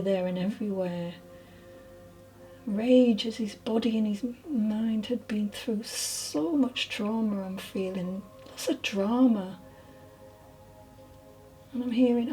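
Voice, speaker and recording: Slow, mellow woman medium. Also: medium pitch, soft background music, rough recording. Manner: hesitant, apologetic, soft whispered asides. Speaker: spiritual medium. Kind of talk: channelled mediumship reading.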